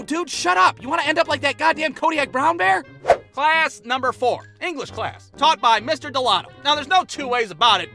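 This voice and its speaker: A man tells a comedic animated story about middle school, full of swearing and sarcastic exaggeration. His voice is unusually high and sharply bright. Faint music plays behind him. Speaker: narrator.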